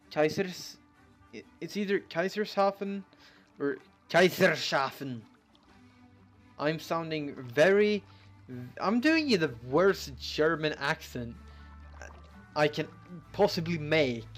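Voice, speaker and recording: A young man casually talking through a strategy game as its channel host, reading tutorial text aloud and rambling with self-mocking asides and lots of ums. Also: a little high. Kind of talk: casual let's-play commentary, reading on-screen text aloud. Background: game music.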